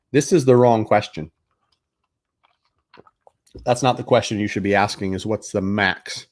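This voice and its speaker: A man hosting a casual live Q&A as a mortgage broker, explaining loans in a conversational way with frequent fillers and restarts. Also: medium pitch. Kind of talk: casual live Q&A answering viewer questions.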